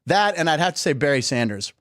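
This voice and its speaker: Animated, chatty male sports host. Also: a little high, quick pace, no room sound, clean studio sound. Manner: chatty, jokey, animated storytelling. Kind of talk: casual sports talk.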